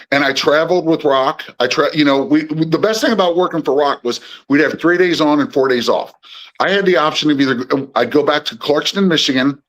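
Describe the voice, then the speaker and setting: A man's voice: mid-range voice, fairly bright tone, poor audio. A middle-aged man, a podcast guest, telling long casual stories with many restarts and acted-out quotes. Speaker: podcast guest, former personal assistant to musicians. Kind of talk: casual storytelling interview.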